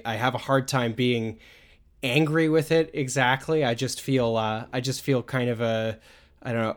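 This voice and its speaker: A man co-hosting a podcast, talking in a rambling, hesitant way with many fillers. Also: medium pitch. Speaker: podcast co-host. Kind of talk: casual podcast chat.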